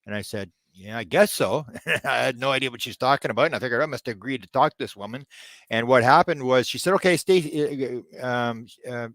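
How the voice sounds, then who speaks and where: An older man from Canada tells long stories as an interview guest, his delivery halting with fillers and restarts. He breaks into high, incredulous bursts when he recounts his own surprise. The sound is dry and close, with no room around it. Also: no echo. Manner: animated storyteller, acts out his own disbelief in high bursts. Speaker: guest ufology researcher. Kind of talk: storytelling in a podcast interview.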